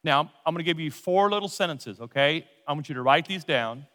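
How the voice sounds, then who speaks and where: A man preaching as a guest pastor, earnest, slowing his words down to lead a prayer. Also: a little high, animated, a bit bright. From United States. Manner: earnest, slows down for emphasis in prayer. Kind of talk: sermon. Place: large church auditorium. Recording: long hall reverb from a church sanctuary.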